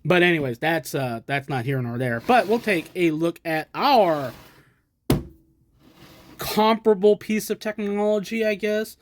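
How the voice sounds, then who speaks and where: A man's voice: sits high, animated, a little slow. Chatty American man showing old gear. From United States. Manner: rambling, chatty, self-deprecating asides. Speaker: collector showing vintage gear. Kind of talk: casual show-and-tell. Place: indoors, at a camera stand.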